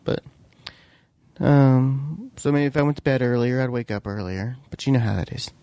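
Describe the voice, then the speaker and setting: A man co-hosting a podcast in casual chat, an animated, self-mocking storyteller who laughs often. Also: mid-range voice, normal speed, dry recording. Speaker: podcast co-host.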